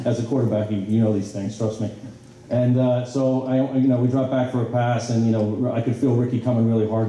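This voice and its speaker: A middle-aged man giving a banquet speech, telling stories in an animated way with many fillers and restarts. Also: medium pitch. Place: banquet hall. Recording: very echoey hall from a distance.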